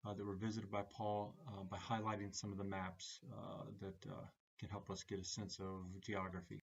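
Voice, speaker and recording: Gravelly, flat-voiced man lecturing haltingly. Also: on the low side, lo-fi sound. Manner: halting, many "uh" fillers between phrases. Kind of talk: recorded class lecture.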